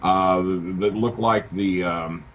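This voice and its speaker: A middle-aged man, a wrestling manager telling an animated story in a casual interview. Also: low voice, takes it slowly. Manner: animated anecdote-telling with acted quotes. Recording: dull lo-fi sound with faint hiss.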